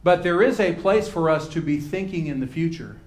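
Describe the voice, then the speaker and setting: A man leading a Bible class in a casual, off-the-cuff way, with a voice that sits a little high for a man. He doubles back on his words, then leans into key phrases with lifted emphasis. The recording has a roomy echo around him. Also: expressive, brisk, a little mellow.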